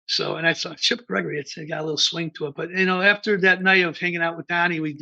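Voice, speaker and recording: Talking fast in a steady, sharp, creaky voice that sits on the high side, a Midwestern man in his sixties who founded a band spins loose stories as an interview guest. Fillers and restarts run through his casual storytelling, and the remote recording is dull and lo-fi.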